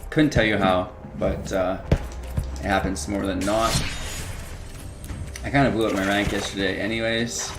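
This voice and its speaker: A man with a fairly low voice talks casually through a card game, thinking aloud in an easy, unhurried way. Music plays clearly beneath his commentary. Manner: relaxed, musing, thinks aloud while playing. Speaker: gameplay streamer.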